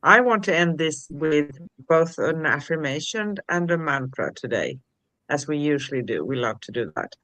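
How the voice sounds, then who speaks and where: A woman co-hosting a spiritual livestream, talking gently and reading affirmations in a soothing way. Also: sits low, animated, moderate pace, no echo, rough recording. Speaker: co-host.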